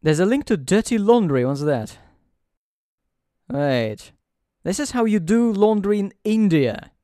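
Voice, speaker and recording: A man hosting a let's play with dry, sarcastic commentary. His voice sits fairly high. The recording is close and dry. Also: very animated, unhurried, dark tone, dry recording. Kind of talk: gameplay commentary.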